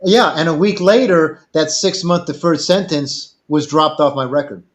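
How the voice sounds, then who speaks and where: A man's voice: a little high, normal speed. An older man casually telling a long, rambling personal story, acting out the other people in it. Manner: rambling anecdotal, quotes others in dialogue. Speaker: storyteller guest.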